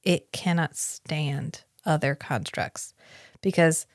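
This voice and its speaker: A woman's voice: sits low, no room sound, studio quality. A woman co-hosting a podcast, chatting casually and thoughtfully about a book. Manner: reflective, quotes characters in quick asides. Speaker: podcast co-host. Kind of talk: casual book-club chat.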